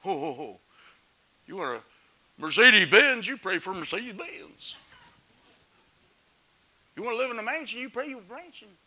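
High, bright-voiced dramatic preacher man. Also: animated, normal speed, long pauses. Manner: dramatic, swings from loud calls to hushed near-whispers; asks the congregation questions. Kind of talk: sermon.

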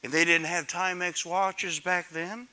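A man preaching a sermon dramatically, swinging from loud calls to hushed near-whispers and putting questions to the congregation. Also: high voice, level tone, measured pace, clear, resonant tone.

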